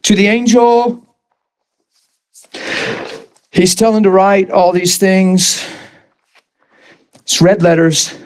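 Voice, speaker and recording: A man's voice: high voice, takes it slowly, pauses often, clear, resonant tone. A man, a pastor, preaching a sermon in a passionate, conversational way, laughing now and then and acting out little asides.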